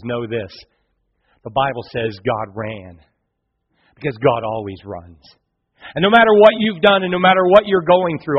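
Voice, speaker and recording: A male pastor preaching a sermon, telling a story with passion and big swings from loud to quiet. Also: mid-range voice. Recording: long hall reverb, dull lo-fi sound.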